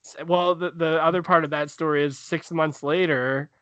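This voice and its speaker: A man's voice: fairly high pitch, fairly even intonation, normal speed, fairly bright tone, smooth, no room sound. Comedian guy talking casual, lots of likes and restarts, dead dry mic. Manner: rambling, many fillers and restarts. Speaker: stand-up comedian guest. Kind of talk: casual storytelling in a podcast interview.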